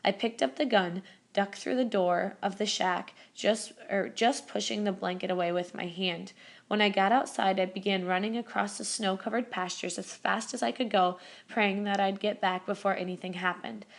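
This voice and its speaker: A woman's voice: medium pitch, normal speed, creaky. Woman reading a novel aloud. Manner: steady reading with small self-corrections. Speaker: reader. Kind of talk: audiobook narration.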